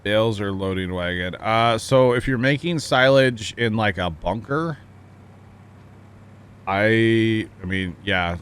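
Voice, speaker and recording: A man's voice: fairly low pitch, slow pace, a bit bright, clean tone. A man streaming a farming game, chatting casually and joking with his chat. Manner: chatty, jokey, reading chat aloud.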